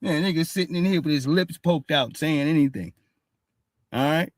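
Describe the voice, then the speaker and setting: A man's voice: on the high side, normal speed, no echo, clean studio sound. A man streaming live and reacting to a clip, blunt and profane, with a running "all right" between remarks. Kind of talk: casual reaction commentary.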